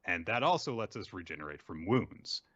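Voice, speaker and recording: A cruel, smug werewolf villain sneers and brushes everyone off, as a man puts on the voice. The voice is low and swings widely in pitch. The sound is dry and slightly dull. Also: sing-song, brisk, fairly bright tone, slightly rough, no room sound, heavily acted. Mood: gloating. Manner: sneering and offhand.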